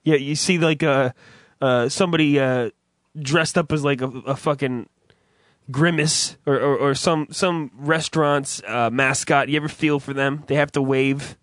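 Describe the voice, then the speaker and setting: A man's voice: mid-range voice, fairly even intonation, a little slow, fairly bright tone, no room sound, clean studio sound. A young man co-hosting a podcast in loose casual chat, rambling, swearing and laughing often. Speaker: podcast co-host.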